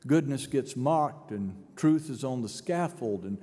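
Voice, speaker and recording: A man's voice: medium pitch, animated, unhurried, dark tone. Preaching man in a reverberant church. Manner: dramatic preaching, voices imagined speakers. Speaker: pastor. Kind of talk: sermon. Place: large church sanctuary.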